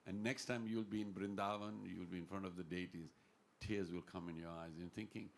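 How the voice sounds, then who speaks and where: A man's voice: fairly low pitch, moderate pace, gravelly, slight background noise. A man giving an earnest, informal devotional talk in a temple class, telling stories and quoting Sanskrit verses. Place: temple hall.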